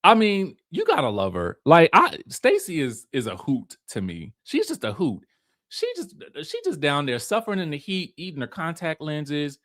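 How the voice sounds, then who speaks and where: Animated campy man recapping reality TV. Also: on the high side, moderate pace. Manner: animated, campy, laughs often, puts on pampered voices. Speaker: reality TV commentator. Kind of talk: casual recap commentary.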